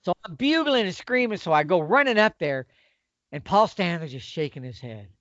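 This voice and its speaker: Middle-aged guy telling a hunt story, folksy, pitch all over the place, muffled dry recording. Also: a little fast, dry recording. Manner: animated, folksy storyteller with lively swings. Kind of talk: casual storytelling. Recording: dull, lo-fi dry sound.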